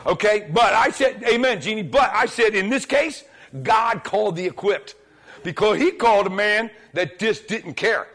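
A man preaching a sermon to a congregation in church, telling the story in a lively, colloquial way and acting out the dialogue. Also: high-pitched, moderate pace. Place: church, speaking before a congregation.

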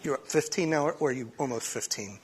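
A pastor reading a psalm aloud and then preaching a short sermon at a church service, talking conversationally with frequent restarts. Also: male voice, mid-range voice, moderate pace, slight background noise. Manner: conversational, with frequent restarts and sudden swings in loudness.

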